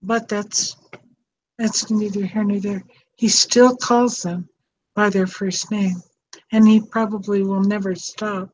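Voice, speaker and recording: Slow, earnest older woman. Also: mid-range voice, fairly even intonation, darkish tone, slight background noise, low-quality recording. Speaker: host. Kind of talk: heartfelt advice talk.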